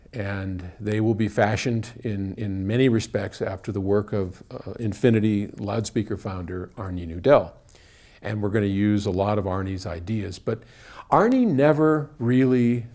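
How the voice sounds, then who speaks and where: A man with a lowish, darkish voice runs an audio company and answers viewer questions in casual, explanatory talk. He speaks conversationally, often restarting and repeating words, captured by a single microphone in an indoor room as he moves toward and away from a wall.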